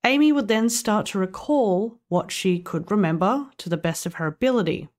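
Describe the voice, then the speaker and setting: A woman's voice: medium pitch, expressive, normal speed, a little mellow. A woman co-hosting a podcast, casually telling a story, swearing now and then and laughing along. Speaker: podcast co-host.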